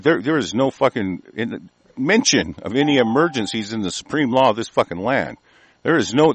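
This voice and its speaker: A man's voice: medium pitch, no echo. A man hosting a call-in talk show, ranting angrily with heavy profanity and rambling restarts. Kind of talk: profane talk radio rant.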